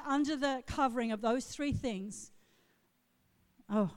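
A woman's voice: fairly high pitch, slow, pauses often. A middle-aged woman pastor preaching a sermon with impassioned, swelling declarations. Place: church auditorium. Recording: long hall reverb.

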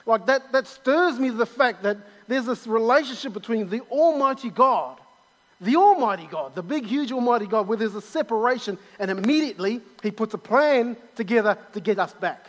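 Male preacher, high voice, eager, stammering restarts, long echoing hall. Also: lively intonation, normal speed, a bit bright. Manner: enthusiastic, repeats himself with many restarts. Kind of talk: sermon.

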